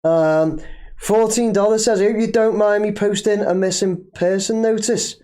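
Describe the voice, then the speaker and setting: Chatty English football livestream host. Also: male voice, high-pitched, fairly even intonation, a little slow, dark tone. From England. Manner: chatty, rambling, self-deprecating. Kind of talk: casual livestream chat reading viewer comments.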